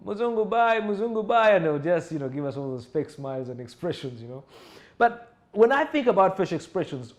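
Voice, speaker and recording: Animated male public speaking coach. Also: fairly high pitch. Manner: animated, acts out example voices and tones. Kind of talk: lecture-style speaking class.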